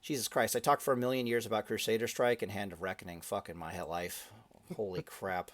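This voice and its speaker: A man's voice: lowish voice, steady tone, fairly quick, fairly bright tone. A man hosting a casual gaming podcast, rambling and swearing freely, often restarting his sentences. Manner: profane, rambling, lots of restarts. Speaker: podcast host.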